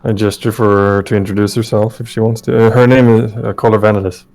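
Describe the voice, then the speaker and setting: Low-voiced, hesitant man playing a tabletop game. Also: level tone, quick pace, gravelly, a little mellow, soft background music. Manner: hesitant, many fillers. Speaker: player.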